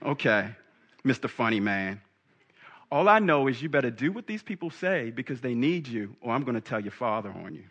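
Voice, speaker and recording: A man's voice: mid-range voice, very animated, brisk, fairly bright tone, husky, highs cut off. A man putting on a sassy scolding mother. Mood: teasing scolding. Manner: mocking, scolding, sly. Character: sassy scolding mother, teasing her grown son.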